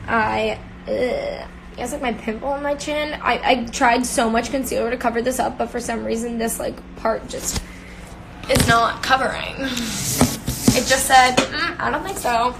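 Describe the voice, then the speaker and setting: A woman's voice: fairly high pitch, fairly bright tone, slight background noise. A young woman chatting casually with viewers on a phone live stream, talkative and giggly, with lots of fillers. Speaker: beauty influencer. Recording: echoey room, faint ambience.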